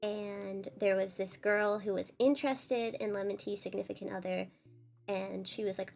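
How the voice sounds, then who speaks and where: A woman's voice: medium pitch, fairly even intonation, normal speed, vocal fry, darkish tone, soft background music. A woman streamer telling an upsetting personal story in a casual, earnest way. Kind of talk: casual storytelling while drawing.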